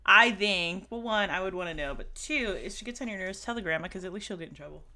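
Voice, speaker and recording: A woman's voice: medium pitch, fast talker, bright, forceful tone. A woman co-hosting a podcast, reacting and teasing in casual chat. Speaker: podcast co-host.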